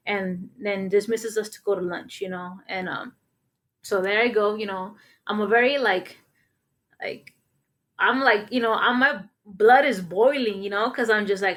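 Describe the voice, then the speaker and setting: Young adult woman, podcast co-host; loose storytelling packed with fillers, mid-pitched, conversational. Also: normal speed, a bit bright. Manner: rambling storytelling, heavy with fillers. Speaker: podcast co-host and middle school math teacher. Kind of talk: casual podcast discussion.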